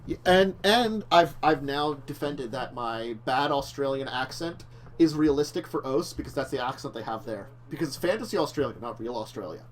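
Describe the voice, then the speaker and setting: A man's voice: medium pitch, lively intonation, normal speed. A man co-hosting a casual talk show, rambling and correcting himself, laughing often. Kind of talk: casual chat.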